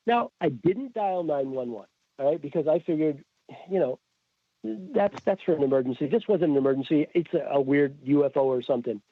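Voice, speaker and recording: A man telling a story as a podcast guest speaks a little fast in a slightly high voice. The chat is casual, and he animatedly acts out the quoted lines. The audio has no room sound but comes through as a tinny, phone-like remote call.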